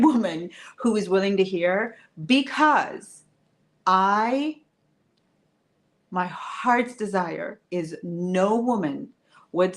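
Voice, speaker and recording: A woman coach telling a personal story to an online audience, emphatic, moving between hushed and raised delivery. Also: mid-range voice. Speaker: women's wealth coach.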